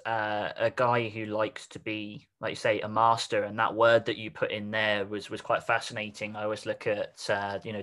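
A man's voice: on the low side, fairly bright tone. A man hosting an interview podcast, talking in a loose, rambling way and working through long examples before he gets to his question. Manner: rambling, explains with examples and put-on quotes. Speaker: podcast host. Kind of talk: casual interview chat.

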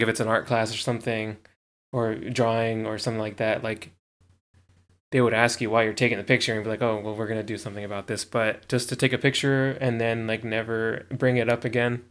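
A man's voice: mid-range voice, flat delivery, fairly quick, a bit bright. A man hosting a podcast in loose, casual chat, laughing often between thoughts. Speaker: podcast host.

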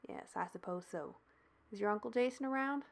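A woman voicing an easygoing grown man who talks calmly and gently. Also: mid-range voice, brisk, creaky. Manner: calm, gently persuasive.

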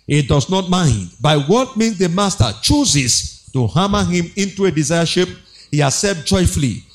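A man's voice: on the high side, a little mellow. A man preaching a sermon, exhorting with rhetorical questions, repeated phrases and a sing-song emphasis.

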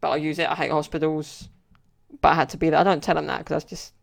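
Flat, gravelly British man chatting. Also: a little high, fast. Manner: rambling storyteller, many fillers. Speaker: podcast host. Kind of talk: casual solo podcast chat.

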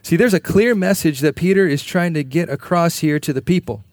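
A man's voice: on the high side, a little fast, a little mellow, no echo. A man preaching a sermon in an earnest, emphatic way, repeating key phrases. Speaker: pastor.

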